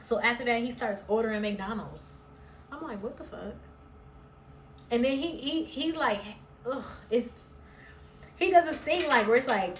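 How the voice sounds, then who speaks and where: A woman's voice: a little high, expressive, measured pace, pauses often, slight background noise. A woman chatting bluntly and sassily as she recaps a reality show, swearing freely. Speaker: recap vlogger. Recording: roomy echo, somewhat far from mic.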